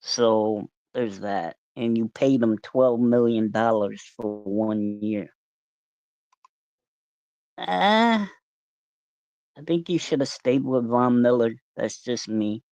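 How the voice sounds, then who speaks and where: A man hosting a casual livestream, relaxed and rambling, greeting viewers by name as they join. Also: mid-range voice, slow, pauses often, no room sound. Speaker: livestream host. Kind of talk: casual live-stream chat. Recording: dull, lo-fi, dry sound.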